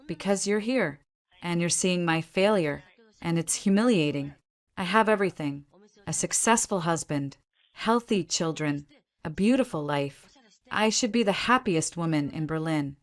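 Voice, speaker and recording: A woman's voice: fairly low pitch, a little slow. A woman reading as an anxious young wife. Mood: distressed.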